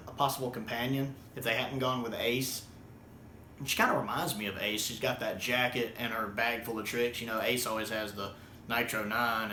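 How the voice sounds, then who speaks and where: A man's voice: medium pitch, a bit bright, slight background noise. American guy rambling through a review, lots of ums, echoey room. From United States. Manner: rambling, with many ums and repeated words. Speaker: video reviewer. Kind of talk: casual spoken review.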